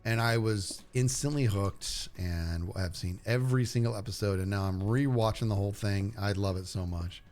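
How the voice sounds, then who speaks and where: A man's voice: on the low side, moderate pace, hardly any pauses, darkish tone, soft background music. Rambling man chatting on a livestream. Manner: rambling, self-interrupting, enthusiastic about shows. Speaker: streamer chatting with viewers. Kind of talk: casual livestream chat.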